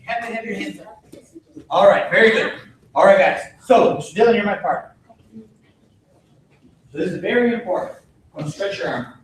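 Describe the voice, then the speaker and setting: A man's voice: high voice, expressive, normal speed, long pauses, a little hiss or hum. A man teaching a martial arts self-defense class to kids, giving firm, repetitive instructions. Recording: echoey gym from far off.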